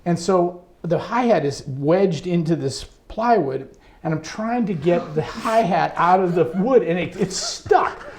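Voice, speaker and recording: A man with a gravelly, slightly raised voice tells an anecdote as an interview guest. He talks in a relaxed, animated way and laughs easily as the story builds. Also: sits high, measured pace, a little hiss or hum. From United States.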